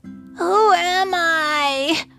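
A curious little turtle boy in a storybook, earnest and puzzled, asking his questions slowly in a high, lilting voice that swoops up and down, as a woman puts him on. There is soft music behind. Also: animated, exaggerated voice. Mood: wondering. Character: young male turtle, small, curious and earnest.

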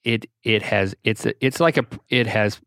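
A man's voice: lowish voice, normal speed, creaky, no echo, studio quality. Jokey man in casual podcast chat. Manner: animated and jokey. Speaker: podcast co-host.

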